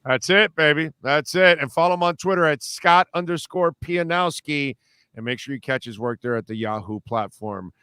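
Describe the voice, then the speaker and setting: A man's voice: a little high, moderate pace, bright, forceful tone, clear, resonant tone, no echo, clean studio sound. A man hosting a sports radio show, talking in a hyped, slangy way. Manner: hyped, slangy, calls people baby and dude. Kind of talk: casual sports radio chat.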